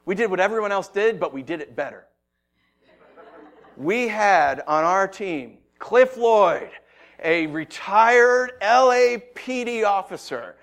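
A male pastor preaching with a high, very lively voice that leaps up and down as he tells stories. He acts out shouted voices and then drops to a hushed, soft delivery for the message and prayer. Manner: animated storytelling, acting out shouting voices. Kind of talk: sermon.

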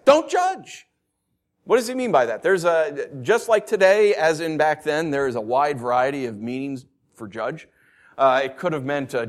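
A man in his thirties preaching a sermon in a conversational way, with self-mocking asides and emphatic rises. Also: fairly high pitch. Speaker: pastor.

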